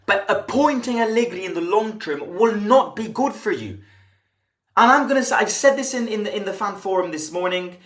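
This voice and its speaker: A man's voice: high-pitched, pushed and bright. Man, fan channel host, heated commentary rant, rhetorical questions, stumbling restarts, echoey room.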